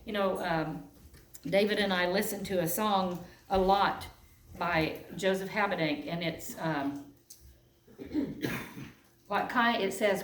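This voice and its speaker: A woman's voice: medium pitch, takes it slowly, pauses often, recorded from a distance. Earnest woman preaching in an echoey church. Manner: earnest, reads scripture aloud in old-fashioned phrasing. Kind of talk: sermon. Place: church sanctuary. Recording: echoey church room, voice off-mic at times.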